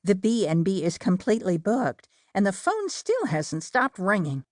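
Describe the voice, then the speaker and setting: A woman's voice: mid-range voice, wildly swooping pitch, normal speed, dry recording, studio quality, voice pushed up. A woman voicing a friendly, chatty middle-aged innkeeper in an audiobook. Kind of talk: audiobook character dialogue.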